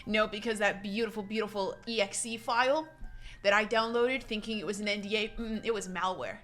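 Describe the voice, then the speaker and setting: Bright-voiced young woman telling a story. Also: mid-range voice, fairly even intonation, fairly quick, soft background music. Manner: dramatic, self-mocking, acts out her own panicked quotes. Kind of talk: storytelling vlog.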